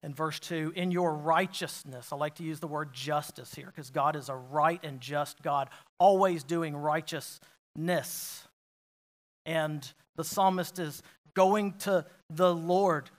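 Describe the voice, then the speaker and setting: A man with a high-pitched voice preaches a sermon slowly and deliberately. He drops to quiet, close asides, then rises to loud, emphatic declarations, and he keeps putting questions to his listeners. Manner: asks the congregation repeated rhetorical questions. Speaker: pastor.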